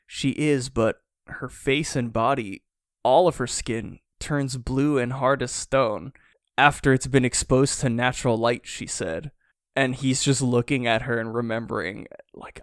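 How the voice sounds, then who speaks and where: A man co-hosting a podcast, chatting casually in a slangy, excited way and often saying "dude". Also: medium pitch, unhurried, no echo, studio quality. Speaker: podcast co-host. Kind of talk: casual chat, recapping a comic chapter.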